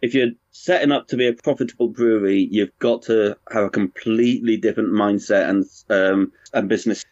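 A man, a brewer and pub owner, chatting frankly and rambling in a relaxed conversation. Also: on the low side, fairly quick, hardly any pauses, dry recording. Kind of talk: casual conversation. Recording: dull lo-fi sound, dry.

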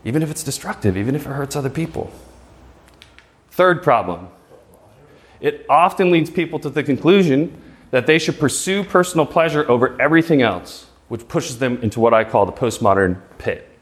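A man in his thirties giving a live presentation to an audience. He speaks emphatically and rhetorically, keeps asking "right?", and stumbles over repeated words when he gets excited. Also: mid-range voice, moderate pace, husky.

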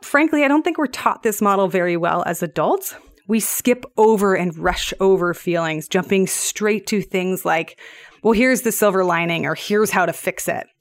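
A woman, probably in her thirties, hosting a reflective solo podcast in a gentle, earnest and measured way. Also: mid-range voice, dry recording, clean studio sound. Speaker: podcast host.

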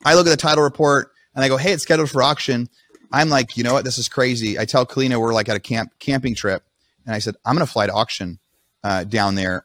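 Man, podcast host, casual rambling storytelling, mid pitch, dry close mic. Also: fairly bright tone, dry recording. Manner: rambling, frequent restarts.

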